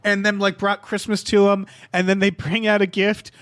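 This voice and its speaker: Guy w a pretty high voice riffing on a movie, swears a lot, dry close sound. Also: moderate pace, no room sound. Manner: animated, swears freely, laughs often. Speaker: podcast host. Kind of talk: casual movie discussion.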